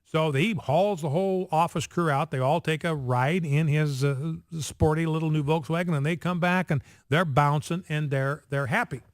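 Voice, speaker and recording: Male radio host, a bit high-pitched, dry studio mic; emphatic commentary, leans on numbers and rhetorical questions. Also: no room sound. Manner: emphatic, slows down to stress figures; rhetorical questions and repeated phrases.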